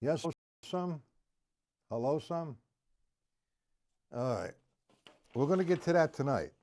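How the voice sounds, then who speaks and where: A man teaching drums on a live stream, talking through exercises in a slow, chatty way, greeting viewers by name and scatting rhythms aloud. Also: on the high side, animated, darkish tone. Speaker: drum teacher. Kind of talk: live-streamed drum lesson.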